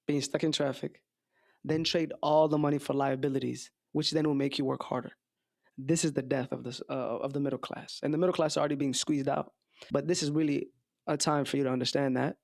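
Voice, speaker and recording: Guy ranting over clips, gravelly and a bit high, dry close sound. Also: darkish tone, dry recording. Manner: blunt, scolding, slangy. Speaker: commentary host reacting to clips. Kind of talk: reaction commentary.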